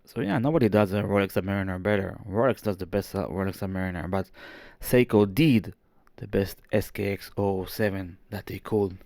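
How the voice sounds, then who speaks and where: A man's voice: sits low, brisk, vocal fry, few pauses, darkish tone, dry recording. A man hosting a casual show-and-tell vlog indoors at home, talking with rambling enthusiasm and plenty of fillers and restarts. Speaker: watch vlogger.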